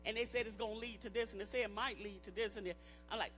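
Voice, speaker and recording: Female preacher, bright forceful delivery, repetitive call-and-response, soft music under. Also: mid-range voice, fairly even intonation, quick pace. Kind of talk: sermon. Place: church service.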